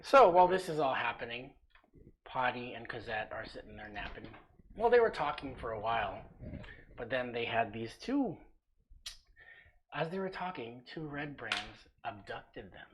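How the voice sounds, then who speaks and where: A woman running a tabletop game, recapping the last session in a lively, animated storytelling manner. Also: extremely low pitch, normal speed. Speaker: game master. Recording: live stream with faint background noise.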